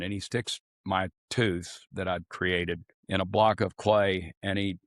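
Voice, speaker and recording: Low-pitched and unhurried with little pitch movement, this older Arkansas man, once a swim coach, spins folksy, rambling anecdotes with casual swearing in a podcast interview. The recording is studio quality with no echo.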